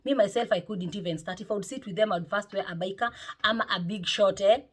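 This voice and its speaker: Lady vlogging at home, husky voice, chatty and lively, keeps saying eh. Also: mid-range voice, fast. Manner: lively and chatty, with frequent "eh?" tags. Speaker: motivational vlogger. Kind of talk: casual chat to camera. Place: home, indoors.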